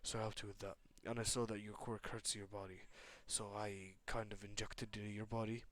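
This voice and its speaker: A man doing a hushed, calm young hero. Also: normal speed, close to an everyday voice. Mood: reassuring. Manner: low, hushed and soft-spoken. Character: calm young male hero, gentle and quietly firm.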